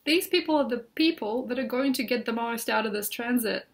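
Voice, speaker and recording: A woman astrologer with a slightly high voice talks from her bed at home. She rambles in a loose, reflective way, full of "like" and "you know." It sounds like a casual computer recording. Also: a little fast, few pauses. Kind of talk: casual spoken astrology talk.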